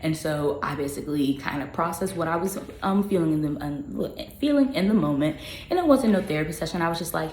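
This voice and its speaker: A woman's voice: low-pitched, expressive, a little fast, a little mellow. A young adult woman, a social worker, talking casually and candidly about her work, swearing freely and filling her speech with "like". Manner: candid, frequent swearing, lots of "like" fillers. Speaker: social worker and podcast host. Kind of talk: casual personal talk. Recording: echoey room with faint hiss.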